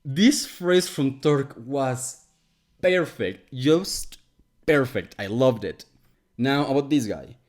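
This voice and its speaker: A man with a Spanish mother tongue narrates a video essay in a scripted, sardonic tone. His pitch rises and falls with lively emphasis as he grows exasperated. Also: slow. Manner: sarcastic, exasperated critique. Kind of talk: scripted commentary.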